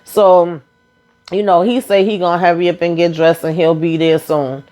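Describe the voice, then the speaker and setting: A woman's voice: fairly low pitch, fairly even intonation, normal speed, mellow. A woman casually recapping a TV episode, chatty and blunt with laughing asides. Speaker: TV recap vlogger.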